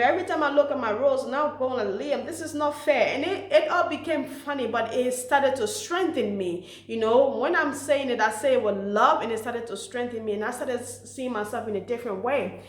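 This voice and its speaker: A woman with a fairly high voice talks earnestly and warmly, giving encouraging advice to mothers. She leans on "you know" and "okay" as she goes. Her voice rings with the echo of the room around her. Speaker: motivational speaker for mothers. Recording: echoey room.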